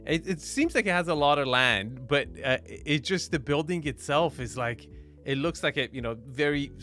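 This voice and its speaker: A man's voice: on the high side, expressive, moderate pace, sharp tone, faint music behind. A man reacting to a property video with casual, wry commentary, laughing often and restarting his sentences.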